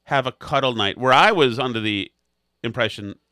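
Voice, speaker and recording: Bright-voiced man telling rambling stories. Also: mid-range voice, normal speed, clean tone, no room sound, studio quality. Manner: rambling, self-mocking anecdotes. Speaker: podcast co-host. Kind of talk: comedic storytelling chat.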